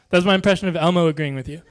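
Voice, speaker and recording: Dry-voiced stand-up man, fairly high. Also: clean tone. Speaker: stand-up comedian. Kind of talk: deadpan one-liner stand-up.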